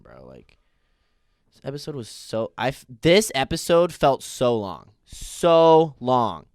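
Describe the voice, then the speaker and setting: A man's voice: mid-range voice, a bit bright, clean tone, no echo, studio quality. A man giving a casual, opinionated TV recap, ranting in a profane, exasperated way. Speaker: TV recap vlogger.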